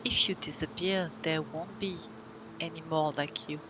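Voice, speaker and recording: A woman speaking as a player in a tabletop game, in a slow, earnest way. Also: sits low, steady tone, background noise.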